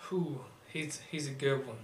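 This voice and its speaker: A man's voice: medium pitch, measured pace. A man co-hosting a casual talk show, rambling with lots of fillers and casual swearing. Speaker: podcast co-host. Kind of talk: casual chat. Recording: echoey room, mic at a distance, faint noise.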